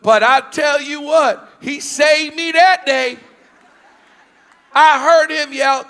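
In a big church hall packed with thousands, a man from the US Northeast preaches a storytelling sermon at a slow pace in a really high voice. He tells stories animatedly, asks questions over and over, and breaks into loud shouting, all with lots of large-hall reverb.

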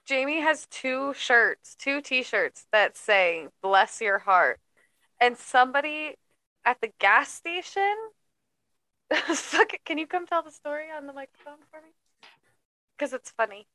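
A woman co-hosting a casual podcast chat, upbeat and blunt, reacting quickly and laughing often. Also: sits high, animated, bright, forceful tone. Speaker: podcast co-host.

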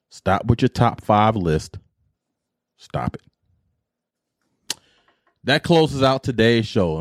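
Animated ranting podcast host, man. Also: lowish voice, no room sound, studio quality. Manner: animated, exasperated ranting with repetition. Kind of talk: solo podcast rant.

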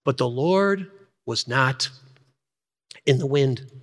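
Preaching in a space with long hall reverb, a man in his sixties shifts from lively, high-pitched, rapid delivery down to a near-whisper whenever he wants emphasis. He also repeats his key lines throughout the sermon.

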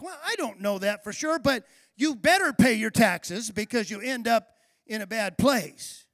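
A male pastor preaching a sermon with fervor, building up to shouts on key phrases. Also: very high-pitched, animated, normal speed, gravelly, dry recording.

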